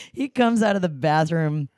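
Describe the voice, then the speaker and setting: A woman's voice: sits low, slow, no room sound, clean studio sound. Woman telling stories with lots of laughter. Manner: animated, laughs often mid-sentence. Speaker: podcast guest. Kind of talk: casual storytelling.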